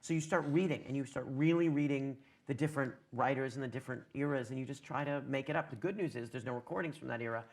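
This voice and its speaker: Guy on a panel cracking jokes, mid pitch, lively telling. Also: fast talker, few pauses, a little hiss or hum. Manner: joking, animated storyteller. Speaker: TV writer on a panel. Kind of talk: panel discussion. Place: conference stage.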